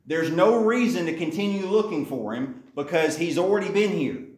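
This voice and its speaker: A man leads a Bible lesson, reading verses and then going back over the main point again and again. His voice sits a little high. The room around him is echoey. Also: lively intonation, normal speed. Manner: reads scripture aloud then explains it, repeats key points. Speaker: Bible teacher. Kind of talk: Bible study teaching.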